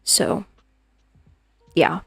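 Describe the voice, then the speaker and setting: A woman's voice: extremely slow, a bit bright, dry recording, faint music behind. A woman streaming as a digital artist, chatting casually and playfully with her viewers in a rambling way. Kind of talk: casual livestream chat with viewers.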